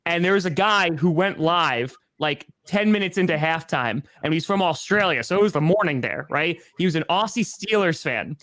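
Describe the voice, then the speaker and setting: Joking young man, slightly high voice. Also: a bit bright. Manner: quick, joking, rambling. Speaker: podcast co-host. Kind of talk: casual sports chat.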